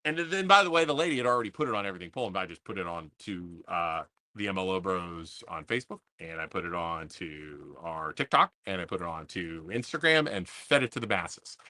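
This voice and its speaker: A man's voice: sits low, expressive, fairly quick, hardly any pauses, bright, forceful tone. A man hosting a podcast livestream, ranting in a casual, fired-up way to his viewers while he stands outdoors under an umbrella in pouring rain. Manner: fired-up, repetitive, talks straight to viewers. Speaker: podcast host.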